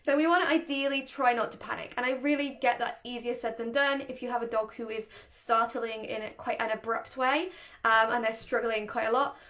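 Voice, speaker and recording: A young woman explains handling a nervous dog in an easygoing, talkative way. Her voice sits high and bright in pitch, and she laughs easily between points. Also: steady tone, a little fast. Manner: chatty, laughs often, demonstrates voices. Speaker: dog trainer. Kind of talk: casual explanatory talk to camera.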